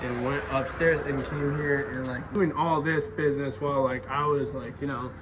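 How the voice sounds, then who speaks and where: A man's voice: mid-range voice, steady tone, normal speed, highs cut off. A man from Oregon casually telling a long story, rambling and full of "like" fillers. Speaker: local farm resident telling a story. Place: outdoors on a farm. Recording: noisy outdoor recording.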